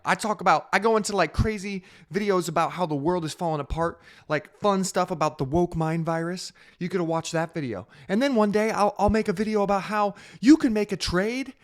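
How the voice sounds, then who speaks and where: A man's voice: high-pitched, fairly bright tone. A man hosting a casual crypto show to camera, playful and teasing, with mock-sultry asides, on a studio microphone. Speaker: host.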